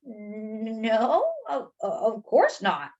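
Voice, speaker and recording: A woman's voice: a little high, big pitch swings, very slow, a little mellow, highs cut off, exaggerated voice. A woman voicing a flustered grown man who stammers and talks hesitantly. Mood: sheepish.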